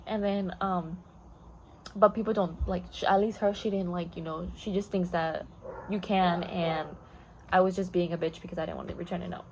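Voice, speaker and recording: A woman's voice: on the low side, steady tone, normal speed, slight background noise, poor audio. A woman vlogger telling a storytime in a rambling, blunt way, full of fillers and swearing, slipping into Spanish now and then. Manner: code-switches into Spanish. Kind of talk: casual storytime chat.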